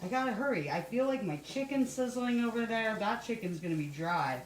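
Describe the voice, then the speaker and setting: A woman's voice: on the high side, lively intonation, fairly quick, background noise. Sweary woman rambling at the stove, laughs a lot, roomy kitchen sound, mic a bit far off. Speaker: cooking show host. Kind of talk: casual cooking chat. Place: home kitchen. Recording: roomy room, mic at a distance.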